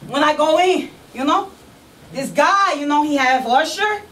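A brash, streetwise young woman on probation, played by a woman in a one-woman comedy show rattles off her story in slang and keeps asking "you know what I say?". Her voice sits high. The stage mic is set back, with a faint hum of room ambience. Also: lively intonation, unhurried, a bit bright, distant mic, poor audio. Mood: sassy.

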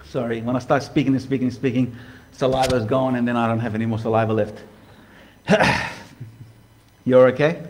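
A man preaching to a live congregation, conversational and direct, asking the room questions and swinging between hushed and loud. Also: medium pitch, fairly even intonation, fairly quick, pauses often, slight background noise. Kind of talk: sermon. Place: church hall before a live congregation.

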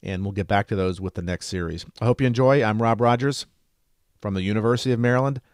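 A man's voice: fairly low pitch, fast, dry recording, clean studio sound. A man teaching emergency medicine in a casual screen-share lesson, chatty and enthusiastic with light joking.

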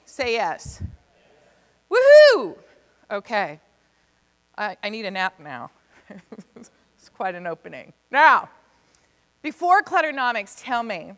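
High bright voice, woman cracking jokes at a seminar, big echoey hall. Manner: energetic, comedic, playful with the audience. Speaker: business speaker. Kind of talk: live seminar talk. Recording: long reverb of a hall.

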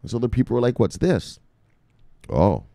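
A man's voice: medium pitch, sing-song, moderate pace, vocal fry, dark tone, no echo, clean studio sound. A man hosting a crypto video, telling a crude, joking story in a mock-preachy way. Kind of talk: mock-sermon crypto commentary.

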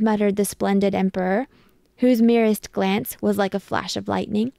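A woman reading a picture book aloud with measured, expressive storytelling. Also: medium pitch, creaky, dry recording, clean studio sound. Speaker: storybook reader.

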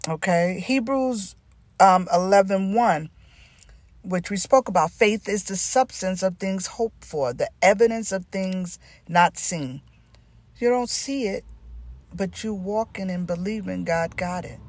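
Middle-aged Southern woman, informal preacher; slow, deliberate, repeats for emphasis, mid-pitched. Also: no room sound. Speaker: Christian teacher. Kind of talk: informal sermon.

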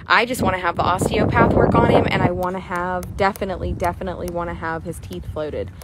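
A woman, chatting excitably to viewers while showing a horse for sale in an arena. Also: fairly low pitch, quick pace, heavy background noise. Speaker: horse seller. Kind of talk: casual sales chat while riding.

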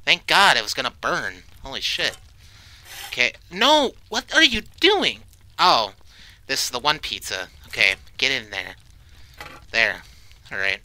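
A man's voice: mid-range voice, very animated, measured pace, pauses often, bright, forceful tone, no room sound. A man commentating a horror game, jumpy, swearing often and shrieking when startled. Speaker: let's play creator.

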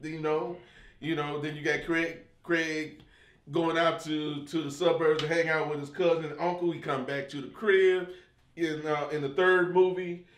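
A man's voice: a little high, fairly even intonation, moderate pace. A man on a comedy panel, rambling through his point in easygoing slang. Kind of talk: casual comedic debate. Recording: echoey room.

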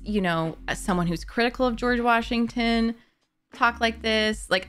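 A woman's voice: mid-range voice, a bit bright, clean tone. A woman YouTuber chatting casually to camera as a fan, gushing and rambling with frequent "like" and the odd swear word. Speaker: gaming YouTuber discussing a book.

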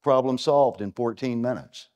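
On stage at a conference, a middle-aged man from the United States delivers his keynote with punch and emphasis, leaning on rhetorical questions. He speaks at a moderate pace in a medium-pitched, slightly mellow voice.

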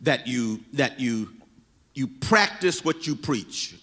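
A man of middle pitch preaches a sermon from a church sanctuary, hammering home points through repetition. His voice rings with the long reverb of a large hall. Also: expressive, slow, fairly bright tone, breathy edge. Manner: repetitive, emphatic build-up. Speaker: pastor.

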